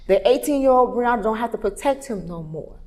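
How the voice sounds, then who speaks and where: A woman, candidly telling a personal story, moving from hushed tones to loud animated retelling. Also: on the high side, fairly quick. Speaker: photographer telling her story. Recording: long reverb, roomy hall sound.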